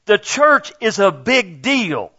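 A man's voice: sits high, big pitch swings, slow, bright, forceful tone, lo-fi sound. An older man preaching a sermon in a folksy, conversational way, speaking directly to the congregation. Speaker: pastor.

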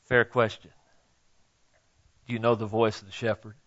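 A man's voice: lowish voice, little pitch movement, moderate pace, fairly bright tone, dull audio. An older man preaching a sermon in a folksy, conversational way, speaking directly to the congregation. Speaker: pastor.

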